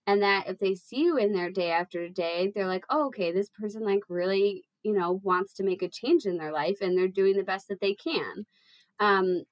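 A woman's voice: medium pitch, no echo, low-quality recording. A young adult woman, a fitness coach guest, giving casual, encouraging advice with lots of fillers. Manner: rambling, filler-heavy, encouraging.

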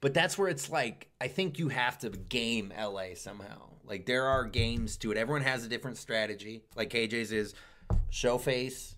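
A man's voice: mid-range voice, normal speed. A man, a stand-up comedian, chatting casually about comedy life, swearing and acting out quoted lines. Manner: profane, animated, acts out quotes. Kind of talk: casual podcast chat.

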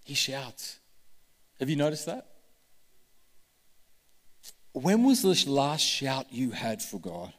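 A man's voice: medium pitch, wildly swooping pitch, slow pace, pauses often. A man preaching a sermon with passion, acting out the voices he quotes. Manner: impassioned, acts out quoted voices. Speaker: pastor. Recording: long hall reverb.

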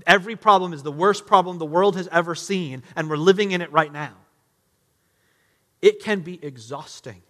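A man preaching a sermon as a pastor, emphatic, swinging between loud outbursts and hushed, quiet lines. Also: high-pitched, moderate pace. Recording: long reverb of a large hall.

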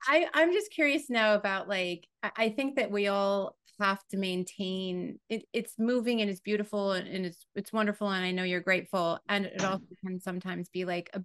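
A woman's voice: mid-range voice, moderate pace, hardly any pauses, fairly bright tone, clean tone, no echo. Enthusiastic woman podcast host, dry sound. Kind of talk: casual interview chat.

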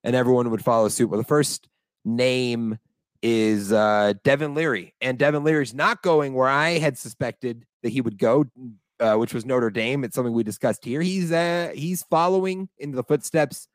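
A young American man co-hosting a casual sports podcast, talking with animated enthusiasm and laughing easily. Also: mid-range voice, moderate pace, no room sound. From United States. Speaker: podcast co-host.

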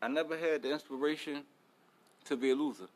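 A man's voice: a little high, fairly even intonation, a little fast. A young man hosting a podcast, talking casually in a blunt, profane, motivational way. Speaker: podcast host.

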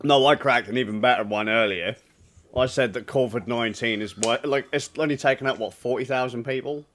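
A man, co-hosting a casual podcast and trading dry, dark-humoured quips. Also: mid-range voice, fairly quick, a little hiss or hum. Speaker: podcast co-host. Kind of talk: casual banter.

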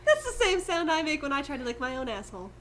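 Giggly high-voiced young woman. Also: fast talker. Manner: giggly, animated storytelling. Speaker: podcast co-host. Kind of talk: casual chat among friends.

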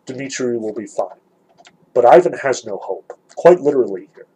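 A man lecturing on a novel, explaining passages in a thoughtful, measured way. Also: mid-range voice, animated, mellow, a little hiss or hum, poor audio. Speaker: literature lecturer. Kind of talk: lecture with dramatic read-aloud passages.

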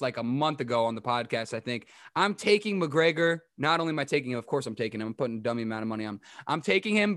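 A young adult man hosting a casual sports update to camera, rambling and chatty with quick asides. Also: mid-range voice, a bit bright, no echo, studio quality. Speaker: podcast host giving a sports update.

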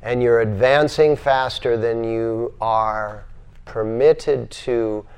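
An older man with a medium-pitched, smooth voice delivers a spiritual lecture to a yoga center class, taking it slowly. He's animated, acting out voices as he repeats his phrases.

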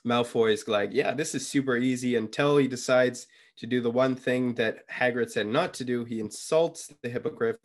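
A young man co-hosting a podcast, casually retelling a book chapter with lots of fillers and quick quoted lines. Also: mid-range voice. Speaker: podcast co-host.

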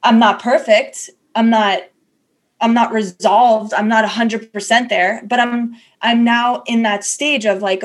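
Woman co-host, fairly high voice, candid and rambling, acts out her own thoughts in quotes. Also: fairly even intonation, a little slow. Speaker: podcast co-host. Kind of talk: casual chat.

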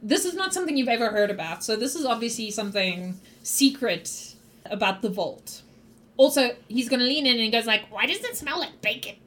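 High-voiced woman running a tabletop game. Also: animated, fairly quick, fairly bright tone. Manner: giggly, loose, rambling narration. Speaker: game master.

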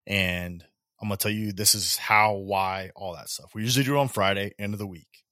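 A man's voice: on the low side, brisk, pushed and bright, dry recording, studio quality. A man in his thirties co-hosting a casual podcast chat in a laid-back way. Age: 30s. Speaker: podcast co-host.

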